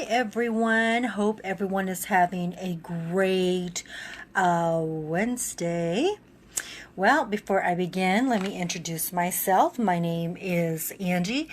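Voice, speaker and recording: A woman's voice: fairly low pitch, fairly bright tone. A woman fitness coach speaking to viewers in a casual live video chat, emotional, tearful and laughing as she talks.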